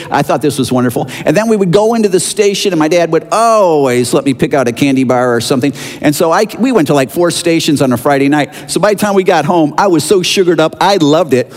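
A middle-aged man from Chicago preaching a sermon as pastor, telling stories in a relaxed, conversational way with fillers. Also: on the high side. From Chicago, USA. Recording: long reverb of a large hall.

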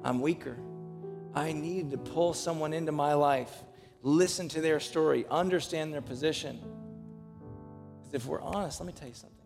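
A man's voice: on the high side, normal speed, gravelly, in a large hall, music in the background. A man preaching a sermon as pastor to his church, telling a story and rising into passionate, urgent preaching. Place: church sanctuary.

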